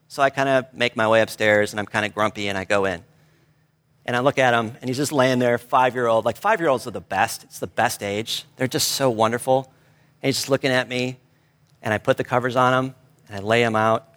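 A middle-aged man preaching a sermon, telling a family story in an animated, conversational way. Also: medium pitch, a little fast. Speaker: pastor.

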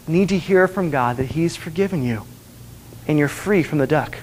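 A man's voice: fairly high pitch, moderate pace, a little mellow, long reverb tail, a little hiss or hum. A man preaching a sermon, earnestly telling stories and repeating his key lines. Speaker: pastor.

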